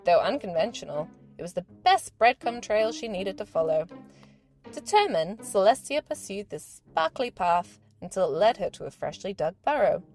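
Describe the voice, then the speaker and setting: A woman reading a children's storybook aloud in a gentle, expressive storytelling manner. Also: mid-range voice, normal speed, faint music behind.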